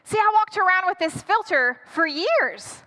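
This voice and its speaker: A woman pastor tells a personal story from the pulpit, dramatic and animated as she acts out her own panic. Her voice sits very high and sounds bright and forceful. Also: a little slow, big-room sound. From United States. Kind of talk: storytelling sermon.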